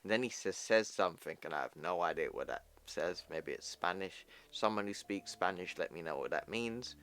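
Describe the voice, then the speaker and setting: A man's voice: low voice, expressive, normal speed, fairly bright tone, a little hiss or hum. A man hosting a comic book channel, recapping a story in a casual, slangy, offhand way. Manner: slangy and offhand, says yo, bro, fam.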